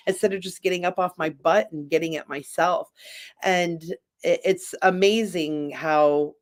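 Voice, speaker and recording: A man's voice: high voice, fairly even intonation, moderate pace. Rambling, chatty man on a talk show. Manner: chatty, rambling with frequent restarts. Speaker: guest. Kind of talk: candid casual chat.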